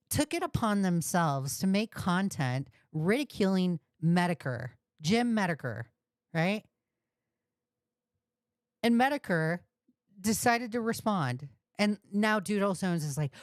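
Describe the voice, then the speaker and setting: A woman's voice: mid-range voice, big pitch swings, takes it slowly, no room sound, clean studio sound. A woman host ranting on a commentary livestream, profane and indignant, repeating insults. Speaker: commentary streamer.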